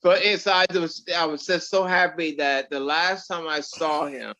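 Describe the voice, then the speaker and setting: A man telling stories in an interview, animated and acting out the dialogue he quotes. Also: a little high, normal speed. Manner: animated storyteller who acts out quoted dialogue. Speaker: actor guest. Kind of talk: storytelling in an interview.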